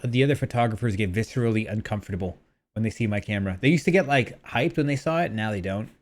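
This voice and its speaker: A man streaming a video game in casual, rambling commentary. He often trails off into quiet mumbles. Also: fairly low pitch.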